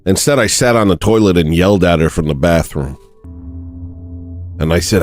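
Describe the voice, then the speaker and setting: Low-voiced rambling comic streamer man. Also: steady tone, moderate pace, long pauses, soft background music. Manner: rambling, joking, self-mocking. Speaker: livestream host. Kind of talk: comedic livestream monologue.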